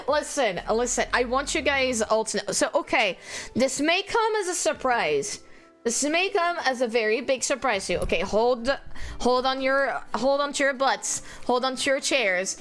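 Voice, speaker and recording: A woman's voice: sits high, sing-song, unhurried, fairly bright tone, faint music behind. A young woman streamer chatting casually with her viewers, sleep-deprived, laughing often and squealing when she thanks them. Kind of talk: casual live-stream chat.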